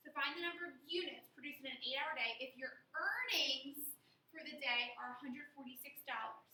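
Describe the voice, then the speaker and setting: High, bright-voiced woman teaching math. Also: normal speed, reverberant, a little hiss or hum. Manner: patient, step-by-step explaining. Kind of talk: recorded classroom lesson.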